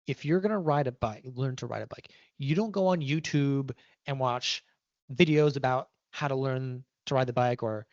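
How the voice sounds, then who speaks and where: A man's voice: mid-range voice, normal speed, a little mellow, no echo, highs cut off. A man giving an interview, talking casually with restarts and "right?" tags. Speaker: guest.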